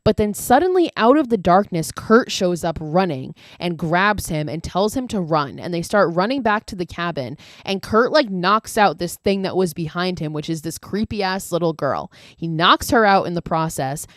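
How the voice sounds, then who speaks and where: Low-voiced woman recapping a horror film. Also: expressive, normal speed, few pauses, dry recording, studio quality. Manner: chatty, swears freely, gushing asides. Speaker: podcast host.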